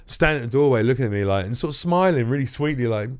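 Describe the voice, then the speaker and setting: A middle-aged comedian tells a wild story casually, swearing freely and acting out the other people's voices. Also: male voice, mid-range voice, racing. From England. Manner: profane, animated, acts out quoted voices. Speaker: comedian guest.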